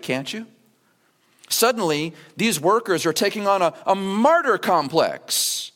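Animated preaching man in a reverberant church. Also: high voice, measured pace. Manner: animated preaching, acting out the workers' voices. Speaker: pastor. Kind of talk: sermon. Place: church sanctuary.

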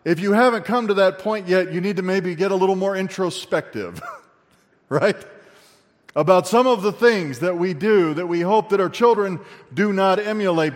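A middle-aged pastor preaches a sermon in a church sanctuary, talking conversationally and posing rhetorical questions to the congregation. He swings between loud, emphatic bursts and quiet, low asides, with the long reverb of a church hall on the recording.

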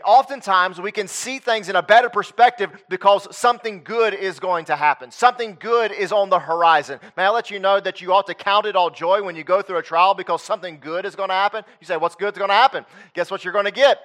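A man preaching a sermon to his congregation, swinging between loud emphatic peaks and quiet low asides, and reading scripture aloud in old-fashioned wording. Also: brisk, few pauses. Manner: reads scripture aloud in King James wording.

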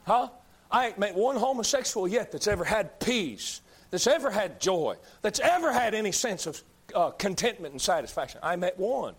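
Man in the pulpit, high-pitched, fiery, repeats himself, builds to shouting. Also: very animated, moderate pace, breathy edge. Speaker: preacher. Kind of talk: fiery sermon.

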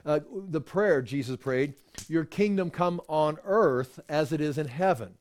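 A man's voice: a little high, unhurried. Man teaching a Bible study, conversational. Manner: conversational, repeats words, animated bursts when acting out pain. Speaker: pastor.

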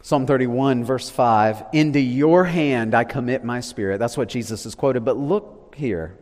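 A man preaching a sermon, swinging from loud declarations to hushed, low lines. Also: a little slow. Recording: long reverb of a large hall.

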